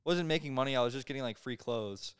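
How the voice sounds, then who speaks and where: A young man in his twenties rambles through a casual podcast chat, padding every phrase with fillers. His voice sits mid-range and sounds smooth and clear. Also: medium pitch, quick pace. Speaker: podcast guest.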